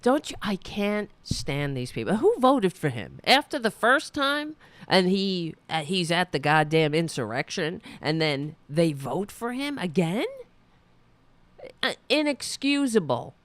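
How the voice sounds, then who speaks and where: A woman's voice: fairly low pitch, big pitch swings, a little slow, no room sound. A woman hosting a solo political commentary show, rambling and ranting with indignation. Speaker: podcast host.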